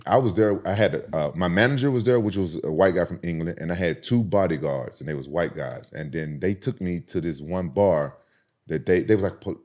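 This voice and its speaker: Fast-talking deep-voiced man. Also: darkish tone. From Southern United States. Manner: rambling, profane, with frequent restarts. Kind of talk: casual storytelling.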